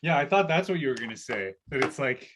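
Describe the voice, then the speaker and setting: A man co-hosting a podcast and throwing in quick deadpan quips. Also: medium pitch, background noise. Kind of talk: casual chat.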